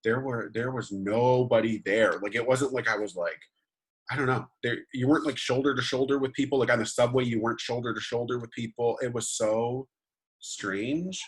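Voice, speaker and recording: Husky-voiced young man chatting. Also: medium pitch, steady tone, normal speed. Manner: rambling, many fillers and restarts. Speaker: podcast co-host. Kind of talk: casual chat.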